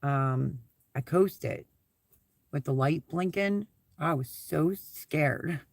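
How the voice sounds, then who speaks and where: A man's voice: fairly high pitch, extremely slow, gravelly, no echo. A man hosting a casual live stream from inside his SUV, rambling through stories and repeating his thanks while he reads out viewer comments.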